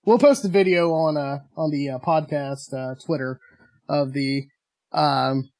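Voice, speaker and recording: A man hosting a podcast in casual chat, excitable and full of halting fillers and laughter. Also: fairly high pitch, dry recording. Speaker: podcast host.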